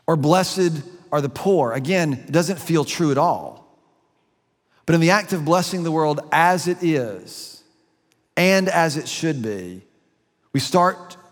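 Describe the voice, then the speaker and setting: A middle-aged man preaching a sermon as a pastor, earnest and conversational, slowing down and speeding up for emphasis. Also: fairly high pitch, long reverb tail. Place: church sanctuary.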